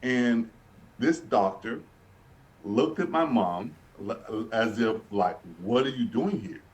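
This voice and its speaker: A man from Birmingham, Alabama, earnestly tells his life story as a guest in a sit-down interview, often repeating and restarting phrases. His mid-range voice is animated and slow, and it's picked up from a distance.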